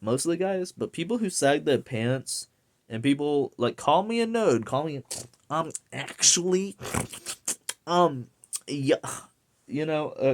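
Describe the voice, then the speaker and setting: Profane rambling young man ranting. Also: medium pitch. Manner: profane, rambling, many fillers. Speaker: vlogger. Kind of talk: casual rant to camera.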